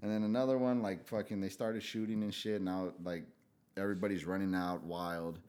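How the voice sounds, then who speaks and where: A man's voice: deep voice, level tone, fairly quick, a little mellow. A middle-aged man as a podcast guest, telling stories in a laid-back, profane way and acting out quotes with a raised voice. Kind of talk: casual storytelling chat.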